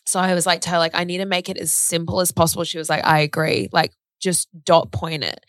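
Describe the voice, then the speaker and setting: A woman's voice: fairly low pitch, fairly even intonation, fast talker, dry recording, clean studio sound. Australian woman telling a personal story. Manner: chatty, fillers of "like", acts out quoted speech.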